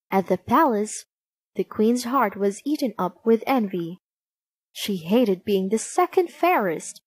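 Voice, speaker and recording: A woman narrating a storybook aloud, slow, clear and expressive. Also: medium pitch, no room sound.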